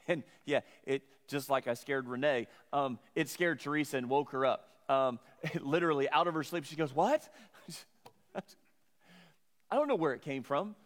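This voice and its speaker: A man's voice: mid-range voice, normal speed, big-room sound. A middle-aged man preaching a sermon, earnest and conversational, often restarting his words. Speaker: pastor.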